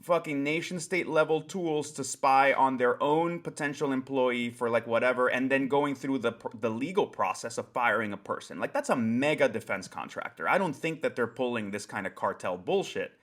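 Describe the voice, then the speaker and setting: Male podcast co-host, mid pitch, animated, profane, thinks aloud. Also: moderate pace, few pauses. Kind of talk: casual chat.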